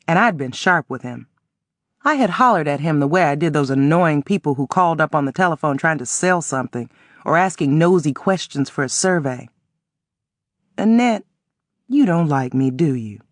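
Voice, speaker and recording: A man narrating an audiobook in first person, telling the story in a measured, even way. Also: on the high side, no room sound, clean studio sound.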